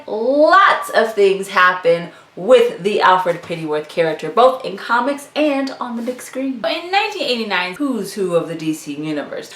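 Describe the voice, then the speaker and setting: A woman's voice: a little high, fairly bright tone, reverberant. A woman hosting a casual comics history vlog, chatty and giggly, full of asides. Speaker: YouTube comics history host.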